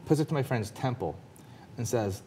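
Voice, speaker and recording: A man commentator telling a personal story in a panel talk, earnest and emphatic, his intensity rising quickly. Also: mid-range voice, animated, dark tone, a little hiss or hum.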